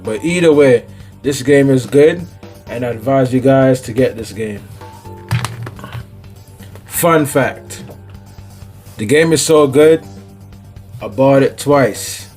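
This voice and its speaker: A man's voice: mid-range voice, a little slow, pauses often, a little mellow, faint music behind. A man with a Jamaican accent, chatting casually as host of his own gaming vlog in a laid-back, slangy way. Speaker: gaming YouTuber.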